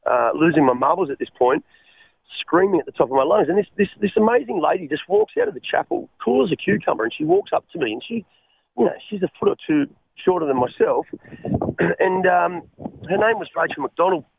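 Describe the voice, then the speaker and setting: An Australian man telling his life story as a radio guest, halting and repeating words as he speaks. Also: high voice, animated, creaky, husky, no room sound. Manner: halting, repeats words, calls the host mate. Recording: tinny phone line.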